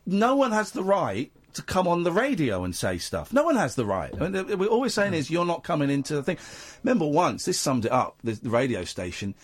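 A man's voice: on the high side, fairly quick, few pauses, breathy edge. A man hosting a late-night talk radio show, chatting with guests in a playful, teasing way and telling stories with lots of energy. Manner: playful, teasing, animated storytelling. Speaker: radio host.

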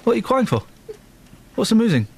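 Male radio host: playful, teasing studio banter with a wide, animated pitch range. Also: fairly quick, vocal fry, husky. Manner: teasing, lively, mock-serious.

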